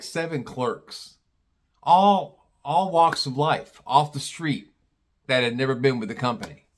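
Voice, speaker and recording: A man telling a casual story to his own camera, rambling, restarting often and swearing casually. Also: a little high. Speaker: storyteller, former meat department manager. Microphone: camera he films himself with.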